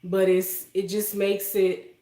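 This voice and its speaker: A woman hosting a casual livestream from her home kitchen, talking emotionally and softly and laughing often as she greets viewers. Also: mid-range voice, flat delivery, slow, reverberant. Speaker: livestream host. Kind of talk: casual live-stream chat with viewers.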